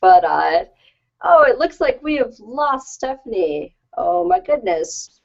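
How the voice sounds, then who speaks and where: A woman's voice: a little high, sing-song, slow, creaky. A woman hosting a casual chat show over a video call, friendly and eager. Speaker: podcast host. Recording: dull lo-fi video call audio.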